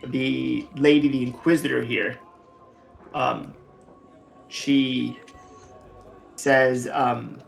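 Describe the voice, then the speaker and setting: A man narrating a tabletop game as game master, relaxed and full of fillers. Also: mid-range voice, extremely slow, gravelly, pauses often, soft background music.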